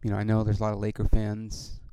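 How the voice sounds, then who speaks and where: Gravelly, low-voiced man rambling casually. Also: monotone, fast, mellow, no echo. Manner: rambling, swears often, many restarts. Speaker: podcast host and comedian.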